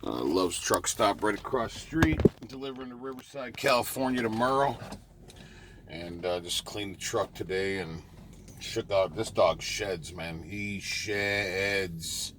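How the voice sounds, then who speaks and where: Rambling trucker, a man with a lowish voice, loose vlog chat full of fillers, recorded in his parked truck. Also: lively intonation, normal speed, noisy background. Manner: rambling, many fillers and restarts. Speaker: truck driver. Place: parked truck near a truck stop.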